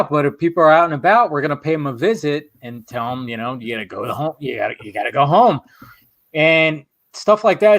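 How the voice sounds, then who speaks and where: A man's voice: medium pitch, a bit bright. A man hosting a casual live stream, ranting heatedly with lots of swearing. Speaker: host.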